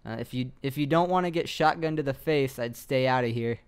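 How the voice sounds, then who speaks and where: A man's voice: medium pitch, brisk, clear, resonant tone. A young man co-hosting a casual gameplay session, teasing his partner and telling him where to go. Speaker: gaming channel co-host.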